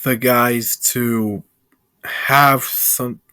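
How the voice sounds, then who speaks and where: A man's voice: medium pitch, steady tone, very slow, sharp tone, smooth, dry recording. A man reviewing a film in a casual, rambling plot recap, heavy with filler words.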